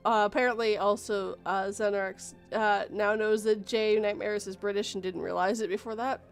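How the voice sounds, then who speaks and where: Woman, stream host, casual chat, animated, laughing, faint music behind. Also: mid-range voice, moderate pace. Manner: animated, laughs often, acts out quotes.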